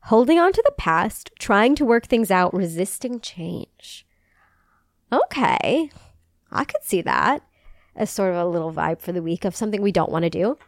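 A woman's voice: mid-range voice, lively intonation, normal speed, dry recording, clean studio sound. A young woman co-hosting a podcast, chatting casually, laughing often and saying "like" a lot. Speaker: podcast co-host. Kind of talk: casual chat.

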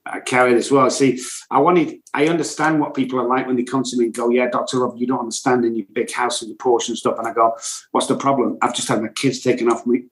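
In a rough recording with a roomy sound, a middle-aged Englishman speaks quickly at a medium pitch with flat delivery. As a podcast guest, he recounts his recovery in an emotional, blunt and intense way, describing himself as loud and cocky.

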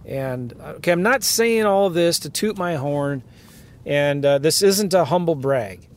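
A man hosting a podcast from his car, ranting in an animated way and firing off rhetorical questions to his listeners. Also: fairly high pitch, a little slow. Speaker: podcast host, real estate investing coach. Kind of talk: ranting monologue.

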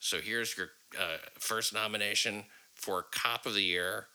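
Male podcast host, deep and gravelly, loose and profane. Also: steady tone, unhurried, bright, forceful tone, rough recording. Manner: rambling, profane, many fillers. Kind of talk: casual podcast chat.

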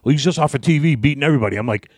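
A man, a wrestling guest, telling a story in casual talk, cursing freely and acting out his shouting. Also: on the high side, very fast, dry recording, studio quality. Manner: profane, animated, acts out yelling.

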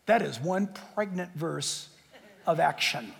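A middle-aged male pastor preaching a sermon, emphatic and full of rhetorical questions, swinging between loud declarations and hushed asides. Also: sits high, expressive, normal speed. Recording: long reverb of a big hall.

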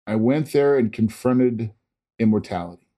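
A man's voice: fairly low pitch, normal speed, dark tone. Earnest man rambling through a story. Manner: earnest, rambling with many restarts and fillers; imitates monitor beeps. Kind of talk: personal story, casual telling.

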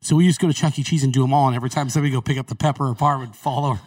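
A man who is a regular on a casual chat show, throwing in quick jokes. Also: mid-range voice, fairly even intonation, darkish tone, husky, distant mic.

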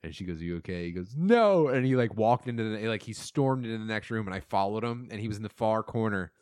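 A man's voice: fairly low pitch, fast, a little mellow, no room sound, studio quality. A man in casual podcast chat, telling family stories with frequent laughter, swearing and acted-out quotes.

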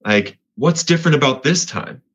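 A man's voice: mid-range voice, lively intonation, normal speed, fairly bright tone, breathy edge. A man from Colorado, a podcast guest giving an earnest personal faith testimony, often restarting and repeating words.

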